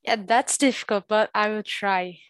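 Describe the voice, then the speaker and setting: A woman's voice: mid-range voice, fairly bright tone, clean tone. A woman co-hosting a language show in casual chat, speaking carefully. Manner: careful, tries lines slowly. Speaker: co-host.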